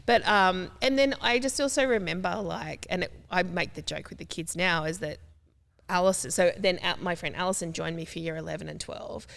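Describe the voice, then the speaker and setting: A woman, chatting casually as a podcast guest and telling lively stories that jump up in pitch when she quotes people. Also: fairly quick, creaky. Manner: animated storyteller, jumps to high pitch for quoted voices. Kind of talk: casual chat.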